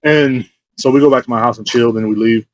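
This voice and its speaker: Fast-talking man telling stories. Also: medium pitch, dry recording. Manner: rambling anecdotes, quick, laughing, swears freely. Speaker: podcast host. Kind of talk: casual storytelling chat.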